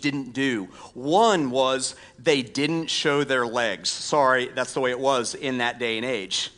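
A male pastor giving a conversational sermon, reading scripture and dropping to a hushed whisper for emphasis, with self-deprecating asides. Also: on the high side. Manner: self-deprecating humor with laughs.

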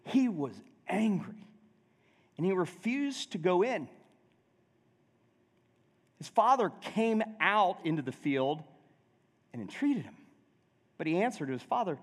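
A man's voice: high voice, sing-song, slow, pauses often. A male pastor preaching a sermon in a conversational way, asking the congregation questions. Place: church sanctuary. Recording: long reverb of a church hall.

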